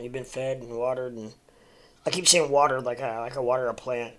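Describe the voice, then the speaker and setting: American guy rambling on a livestream, lots of uh and like, middle pitch voice. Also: steady tone, fairly quick, a bit bright. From United States. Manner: rambling, many fillers and restarts; talks to his dog mid-stream. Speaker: crypto livestream host. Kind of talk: casual livestream chat.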